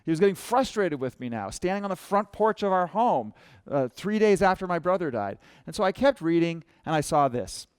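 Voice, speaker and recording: A man with a fairly high voice delivers a storytelling talk as a writer from the experience design business. He speaks conversationally and brings in the voices of other people as he recounts events. His voice is close and dry, with no room echo. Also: very animated, fairly quick, a little mellow, clean tone. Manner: conversational storyteller who acts out quoted dialogue.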